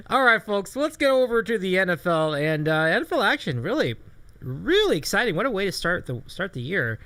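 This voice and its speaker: A man with a high, lively voice swings through his lines as he introduces the next sports segment. The sound is dry and close, with no room around it. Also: brisk, dry recording. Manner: animated, segment-introducing host. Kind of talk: casual sports chat.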